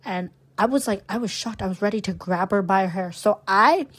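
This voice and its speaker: Animated, foul-mouthed young woman co-host. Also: medium pitch, brisk. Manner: animated, profane, dramatic storyteller. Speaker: podcast co-host. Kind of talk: casual storytelling chat.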